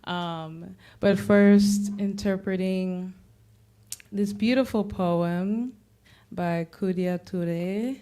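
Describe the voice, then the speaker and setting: A woman from Cameroon introducing her poetry performance, thanking organizers with relaxed, hesitant fillers. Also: mid-range voice, extremely slow, clean tone. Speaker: performing poet and musician. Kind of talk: stage introduction before a performance.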